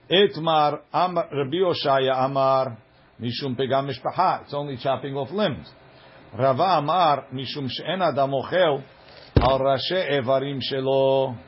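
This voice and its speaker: A man's voice: fairly high pitch, slightly rough, dull audio. A man giving an informal study lecture, chanting passages of ancient text and then explaining them in casual conversational English. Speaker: Talmud teacher.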